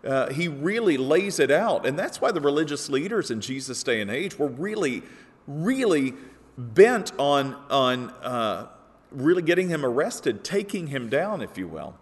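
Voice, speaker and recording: A man's voice: a little high, sing-song, a little slow. A pastor delivering a sermon, earnest and explanatory, rising to emphatic peaks when he quotes scripture. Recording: long hall reverb.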